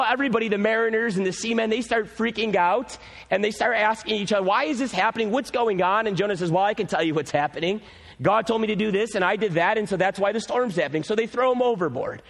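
A man preaching a sermon as pastor, telling a story with animated energy. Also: high voice. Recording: long hall reverb.

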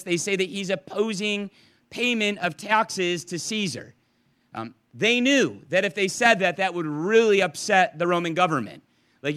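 Male pastor, conversational verse-by-verse sermon, earnest and animated; bright, forward tone. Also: high voice, clean tone.

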